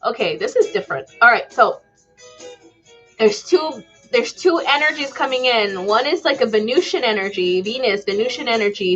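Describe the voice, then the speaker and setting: Rambling casually during a live stream, a woman channels as a psychic, sprinkling in "um," "like," and a tagged-on "okay?" Her voice is a little high, somewhat bright, and husky, with dull audio.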